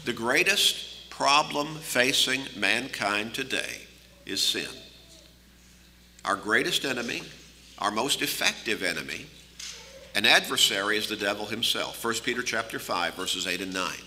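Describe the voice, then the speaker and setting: A man's voice: fairly low pitch, lively intonation, a little slow, sharp tone, big-room sound, a little hiss or hum, rough recording. A man preaching a sermon in an emphatic way, often repeating words as he presses a point.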